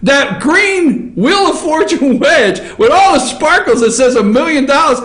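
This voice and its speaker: A man hosting an opinion show, ranting loudly and animatedly about local news and often breaking into laughter. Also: extremely high pitch, lively intonation, unhurried, roomy sound. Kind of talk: excitable political commentary.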